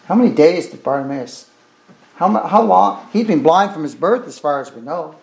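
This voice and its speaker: A man's voice: on the high side, lively intonation, normal speed, reverberant. A man preaching a sermon with fervor, repeating phrases and exclaiming "oh my" as he goes.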